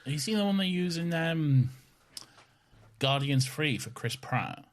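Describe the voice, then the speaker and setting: A man's voice: fairly high pitch, lively intonation. A man co-hosting a podcast in casual chat, wry and laid-back. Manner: wry, laid-back, slips into quick impressions. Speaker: podcast co-host.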